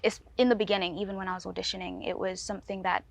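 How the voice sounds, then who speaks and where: A woman's voice: mid-range voice, flat delivery, rapid-fire, gravelly. A young actress talking casually and a little hesitantly about her first role at a panel. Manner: casual, hesitant, lots of fillers. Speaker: actor. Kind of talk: panel discussion.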